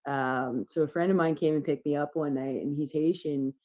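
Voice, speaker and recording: A woman guest telling a candid story in casual chat, swearing freely and getting animated as she goes. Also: low-pitched, moderate pace, highs cut off. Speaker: podcast guest.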